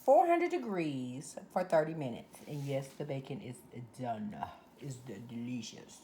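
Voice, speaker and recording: A woman's voice: very deep voice, sing-song, a little slow, dark tone, slight background noise. A woman with a Southern US accent hosting a casual cooking video, chatting to viewers as she works. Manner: chatty, addresses viewers as y'all. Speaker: cooking channel host.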